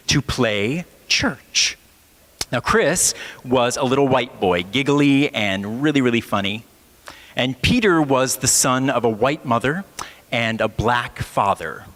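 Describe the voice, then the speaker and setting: Slow, wry male preacher in a church. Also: mid-range voice, fairly bright tone. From Ohio. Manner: wry, self-mocking storyteller. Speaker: pastor. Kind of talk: sermon with personal storytelling. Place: large church sanctuary. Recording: long hall reverb in a church.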